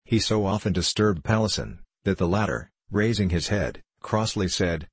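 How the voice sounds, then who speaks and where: A man reads a classic novel aloud in a measured, even way. His voice is deep and husky. The recording is close and dry. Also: no echo. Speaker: narrator. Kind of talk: audiobook narration.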